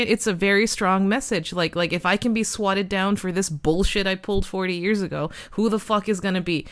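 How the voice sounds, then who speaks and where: A woman in casual political chat, thinking aloud with restarts, wry and swearing casually. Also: medium pitch.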